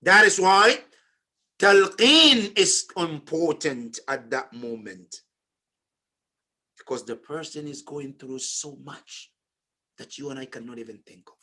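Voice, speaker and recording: A man telling a story in a memorial sermon, swinging between loud emphatic phrases and hushed, low ones. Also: expressive, slow pace. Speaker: speaker at a memorial majlis. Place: community center.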